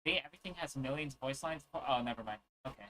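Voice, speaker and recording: A man's voice: medium pitch, very fast, bright, forceful tone, low-quality recording. A young man chatting casually on a livestream, rambling and joking with crude asides. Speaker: streamer.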